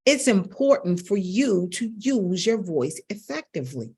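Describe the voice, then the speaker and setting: A woman's voice: medium pitch, very animated, a little slow, darkish tone, husky. A middle-aged woman vocal coach teaching to camera in an emphatic, coaxing way that repeats phrases for stress. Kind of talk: instructional talk to camera.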